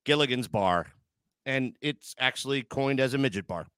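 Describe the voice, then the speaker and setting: A man's voice: medium pitch, expressive, moderate pace, fairly bright tone, clear, resonant tone, no echo. A man hosting a casual live chat show, joking crudely and getting sentimental with his audience. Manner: joking, crude banter, emotional asides. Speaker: podcast host.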